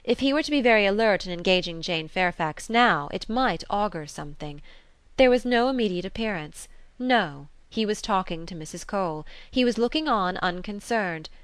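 A woman narrating an audiobook of a classic novel in a measured, even manner. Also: mid-range voice, clean tone, no room sound.

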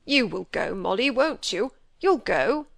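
A woman's voice: on the high side, very animated, a little slow, vocal fry, no room sound, full character voice. Woman reading as a trembling old squire. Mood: frightened, pleading. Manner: shaky, pleading, tearful. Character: elderly grieving country squire, trembling and fearful.

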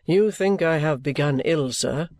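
A man's voice: on the high side, a little slow, a little mellow, no room sound, pitched below the performer's own voice. A man reading the part of a proud, stubborn young man in an audiobook, speaking in a defensive, clipped way. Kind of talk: audiobook reading of a classic novel.

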